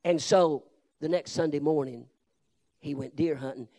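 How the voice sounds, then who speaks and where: Man, Baptist preacher, fiery sermon, folksy stories, fairly high voice, low confiding tones, loud shouted rebukes. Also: moderate pace. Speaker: Baptist pastor.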